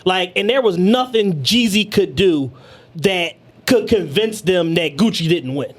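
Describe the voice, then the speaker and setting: High-voiced man laying out his take. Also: animated. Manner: measured, breaking down an argument point by point. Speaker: podcast co-host. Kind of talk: casual podcast chat.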